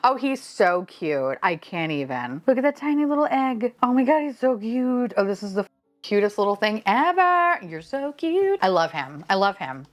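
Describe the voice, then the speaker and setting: Lively, giggly woman unboxing toys. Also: medium pitch, moderate pace. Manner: swears freely, gushes and laughs often. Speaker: vlogger unboxing blind boxes. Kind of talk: casual unboxing chat.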